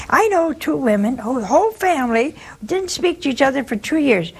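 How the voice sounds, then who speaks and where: A woman's voice: sits high, very animated, normal speed, creaky, few pauses. A woman hosting a religious call-in show, preaching in a folksy, anecdotal, conversational way and telling stories. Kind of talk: spiritual talk and storytelling.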